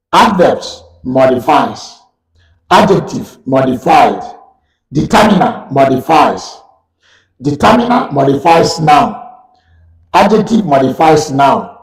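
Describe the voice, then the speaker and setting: A man with a Nigerian accent teaching English grammar in a slow, repeating lecture style. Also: a little high, vocal fry, far from the mic. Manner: slow, repetitive explaining. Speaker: university lecturer. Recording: echoey room, voice off-mic.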